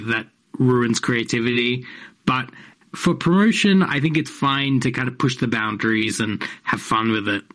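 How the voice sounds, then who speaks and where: A man's voice: mid-range voice, a bit bright. A man being interviewed on radio as a comedian, talking in a rambling, self-interrupting way with frequent laughs. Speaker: comedian guest. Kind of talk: casual interview chat. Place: radio studio.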